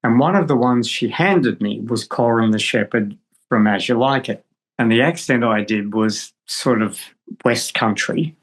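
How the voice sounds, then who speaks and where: A man's voice: medium pitch, rough recording. Give me an older man telling a story. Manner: anecdotal, halting restarts. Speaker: guest actor. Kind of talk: storytelling in conversation. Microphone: video call.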